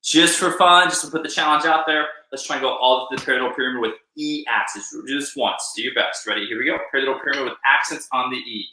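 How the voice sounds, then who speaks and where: A percussion instructor with a mid-range, bright, forceful voice teaches a live online drum lesson, talking fast with few pauses. He counts beats aloud and encourages his students in an echoey room with drumming behind him.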